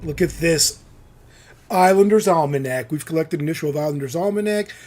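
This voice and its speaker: A man doing casual live commentary while he plays a game. His voice sits a bit high, and he keeps up a loose, chatty flow, tossing in "man" now and then. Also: a little fast, a little mellow. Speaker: streamer.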